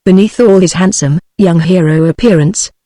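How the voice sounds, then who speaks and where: A text-to-speech woman's voice with a British English accent, reading a novel aloud in an even, measured way. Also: fairly low pitch, no room sound. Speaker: narrator. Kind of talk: synthetic audiobook narration.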